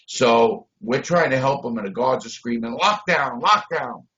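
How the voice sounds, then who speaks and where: A man's voice: mid-range voice, steady tone, moderate pace. Blunt, profane man on a dull call. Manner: blunt, profane, swings loud and soft. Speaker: interview guest. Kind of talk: profane storytelling over a video call. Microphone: video call. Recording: dull lo-fi video call audio.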